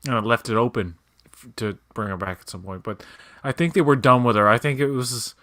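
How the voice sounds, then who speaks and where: A man's voice: medium pitch, fairly quick, fairly bright tone, no echo, clean studio sound. A man co-hosting a casual watch-along chat, rambling loosely with many fillers. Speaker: podcast co-host.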